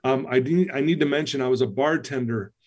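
A man guest on an interview podcast, speaking at an ordinary middle pitch. He tells a personal story earnestly, with plain emotion in his voice. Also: fairly quick, a little mellow.

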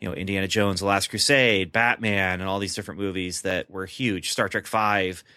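A man's voice: low voice, steady tone, moderate pace, sharp tone, clean tone, no echo. A man hosting a podcast in casual chat, talking in a loose way with frequent laughs and filler words. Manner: chatty, laughs often, many fillers and restarts. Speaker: podcast host.

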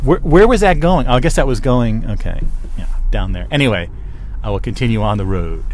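A man's voice: medium pitch, lively intonation, brisk, slight background noise. A man vlogging from his car as he drives, musing aloud and rambling from one thought to the next. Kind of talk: casual narration while driving. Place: in a moving car.

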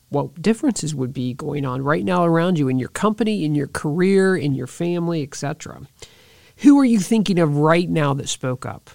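A woman hosting a podcast, speaking to her listeners in an earnest, encouraging monologue full of rhetorical questions, slowing down to stress key points. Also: low voice, vocal fry, darkish tone, no room sound, studio quality. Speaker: podcast host.

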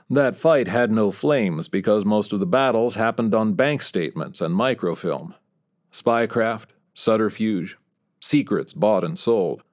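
Man with a wry first-person narration. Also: on the low side. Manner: wry, dry storytelling with dark humor. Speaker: audiobook narrator.

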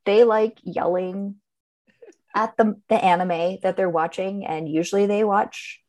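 A woman's voice: mid-range voice, unhurried. A middle-aged woman co-hosting a podcast, chatting casually and telling stories with frequent laughter. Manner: animated storyteller who laughs often. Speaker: podcast co-host. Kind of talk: casual chat.

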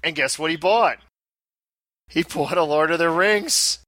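A man's voice: fairly high pitch, unhurried, pushed and bright, no room sound. A man co-hosting a casual pinball podcast, joking and self-deprecating in loose banter. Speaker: podcast co-host.

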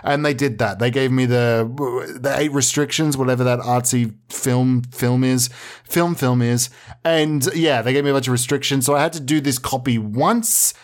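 A man's voice: medium pitch, moderate pace. Man rambling through absurd comedy bits. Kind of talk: comedic monologue.

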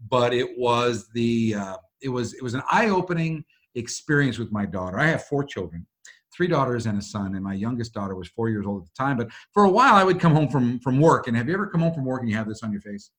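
Animated man telling stories. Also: medium pitch, fast. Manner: animated, acts out quoted voices. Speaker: guest. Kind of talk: conversational storytelling.

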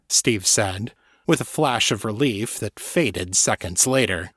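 A man reading a fantasy story aloud as a narrator, in a steady, measured storytelling voice. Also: on the low side, breathy edge, dry recording, studio quality. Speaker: audiobook narrator. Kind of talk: scripted fiction narration.

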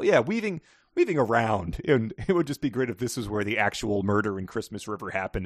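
A man's voice: lowish voice, dry recording, clean studio sound. A man co-hosting a casual book-discussion podcast, wry and joking, often breaking into laughter. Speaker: podcast co-host.

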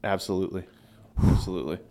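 Low-voiced, animated male podcast co-host. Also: fast. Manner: animated, laughing, rambling storyteller. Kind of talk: casual comedic sports chat.

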